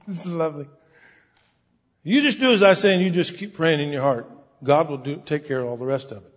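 A man's voice: on the high side, normal speed, pauses often. A man preaching an earnest, folksy sermon, acting out the people he quotes. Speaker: pastor. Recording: dull recording in a hall with long reverb.

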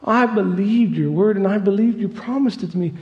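A man voicing a weary believer in a sermon story who pleads with God and later shouts praise. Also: high voice, a little fast, highs cut off, voice pushed up, close to an everyday voice. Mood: despairing. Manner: tired and pleading, then jubilant shouting. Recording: long hall reverb.

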